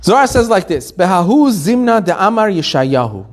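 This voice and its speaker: A man, a rabbi, teaching a Torah class, telling the story with lively, acted-out quotes. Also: high voice, moderate pace. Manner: animated storytelling, acting out quotes.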